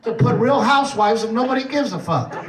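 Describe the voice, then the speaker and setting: A man from Texas doing a profane stand-up comedy set, telling rowdy stories and shouting out impressions. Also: extremely high pitch, animated, brisk, very noisy. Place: comedy club stage. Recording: echoey club sound from a distant mic under loud audience laughter. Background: loud audience laughter.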